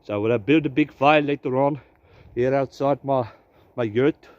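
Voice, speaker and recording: A man puts on a playful South African accent as he hosts his casual bushcraft vlog outdoors in the woods. His voice sits at an ordinary middle pitch, and the sound is a little dull and lo-fi. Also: unhurried, no room sound. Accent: put-on South African. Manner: jokey, playful mock accent. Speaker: bushcraft vlogger host.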